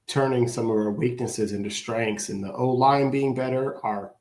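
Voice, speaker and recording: A man co-hosts a casual sports show in a middle-pitched voice. He weighs his thoughts as he talks, measured and steady. His voice carries a noticeable room echo. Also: a little hiss or hum. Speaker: podcast co-host.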